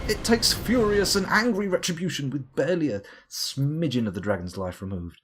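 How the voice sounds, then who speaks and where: A man's voice: fairly high pitch, expressive, moderate pace, hardly any pauses, husky. A man from the UK streaming a game live, rambling and theatrical, swearing and talking to the boss. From United Kingdom. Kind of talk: live gameplay commentary.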